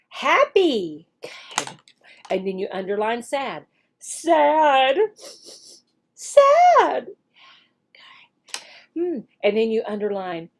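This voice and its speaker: A woman teacher walking through a demo English lesson, switching between explaining and slow, exaggerated modeling for a child, with cheerful praise. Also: on the high side, a little mellow. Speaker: online English teacher and recruiter.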